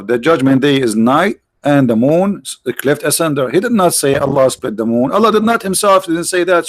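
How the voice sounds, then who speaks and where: A man hosting a live stream with mocking, sarcastic commentary and rhetorical questions, his voice tired, clearing his throat now and then. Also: fairly high pitch, no echo. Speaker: online show host.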